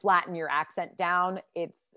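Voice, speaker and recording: Fast-chatting woman from Connecticut. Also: lowish voice, steady tone, sharp tone, no room sound. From central Connecticut, US. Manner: quick, chatty, lots of fillers. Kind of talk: casual chat.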